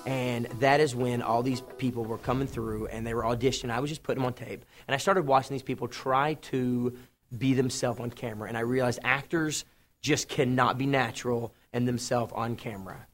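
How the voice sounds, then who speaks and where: Lively young man telling stories. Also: medium pitch, brisk. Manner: lively storyteller acting out quotes. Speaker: TV host. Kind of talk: casual interview storytelling.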